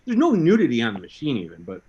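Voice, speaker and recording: A man hosts a loose group chat on a livestream, his voice swinging up and down in pitch. He laughs a lot and trips over his own restarts while telling stories. His voice sits in a middle register. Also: huge pitch swings, fast talker, darkish tone, slightly rough, lo-fi sound. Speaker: podcast host.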